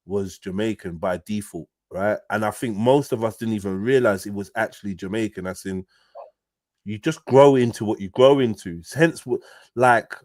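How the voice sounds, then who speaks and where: A man in casual chat, animated and slang-heavy, dropping low and soft then rising loud and high. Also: moderate pace, dry recording. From United Kingdom. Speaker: livestream host.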